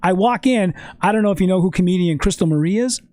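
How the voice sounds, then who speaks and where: A man telling a story in a casual podcast chat, animated and swearing often. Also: sits high, fast talker, no room sound. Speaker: podcast guest.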